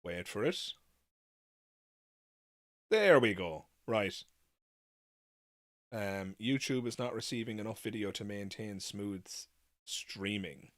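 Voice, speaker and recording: Irish male streamer, young adult, bright and forceful, dry room, rambling exasperated chat. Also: on the low side, animated, slow pace, long pauses, dry recording. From Ireland. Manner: rambling, exasperated rants with swearing and laughs. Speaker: livestream host. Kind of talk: live Q&A chat with viewers.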